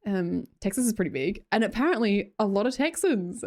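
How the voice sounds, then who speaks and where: Young Australian woman, casual livestream chatter, quick to laugh and squeal. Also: expressive, a little mellow. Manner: chatty, laughs often, breaks into high squeals. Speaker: streamer. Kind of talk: casual chat reading live chat.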